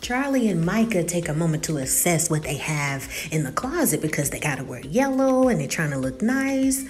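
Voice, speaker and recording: A woman's voice: low-pitched, sing-song, moderate pace, a little mellow, faint music behind. A woman giving a casual recap of a TV episode, telling it in a chatty, storytelling way and slipping into the characters' quoted lines. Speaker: TV recap vlogger. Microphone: USB desk mic.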